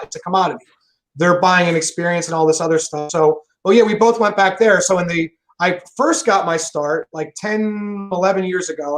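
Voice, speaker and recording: High-voiced guy rambling fast in a chat, loud and blunt, swears a lot. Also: a little hiss or hum, low-quality recording. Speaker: solar sales pro guest. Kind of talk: casual interview chat.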